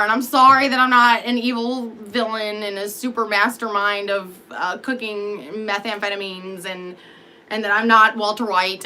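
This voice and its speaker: A woman vlogger tells a story to the camera in a casual, rambling monologue, candid and freely profane, filling pauses with ums and likes. Her voice is bright, sharp, and a little high, with a faint hiss under the recording.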